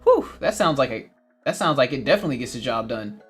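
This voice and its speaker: A man's voice: medium pitch, very animated, fast, slightly rough, soft background music. A man hosting a gardening livestream, reading viewer comments in a casual chat, laughing often and repeating his phrases.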